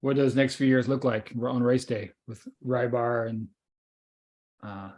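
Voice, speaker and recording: Male interviewer, mid-pitched, curious, conversational questions. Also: fairly even intonation, measured pace, darkish tone. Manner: curious, prompting with names and details.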